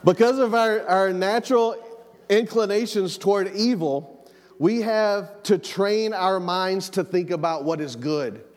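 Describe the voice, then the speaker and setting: A man with a fairly high voice delivers a casual, conversational sermon from the pulpit. He repeats words as he goes and works stories about his own family into the message. The sound rings with the long reverb of a church hall. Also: a little slow. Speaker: pastor. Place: church sanctuary.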